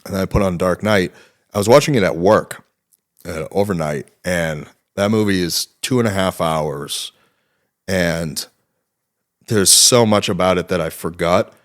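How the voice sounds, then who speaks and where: A young man, a guest in a casual interview, telling a story with animated energy and a lot of cursing. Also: deep voice, measured pace. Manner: animated storytelling, heavy swearing.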